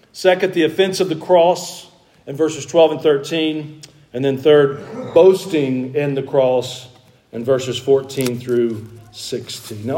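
A man preaching a sermon, pausing for emphasis and adding wry, humorous asides. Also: a little high, darkish tone. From American South. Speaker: pastor.

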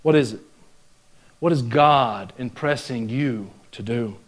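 A man with a Southern US accent preaching a folksy, joking sermon in a church, swinging from loud exhortation to hushed asides. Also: medium pitch, takes it slowly. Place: church sanctuary.

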